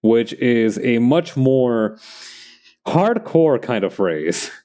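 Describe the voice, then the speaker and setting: His pitch swings widely and he stretches out his words, his mid-range voice staying mellow. The man is a comic artist chatting on stream while he draws, often rambling into musing digressions.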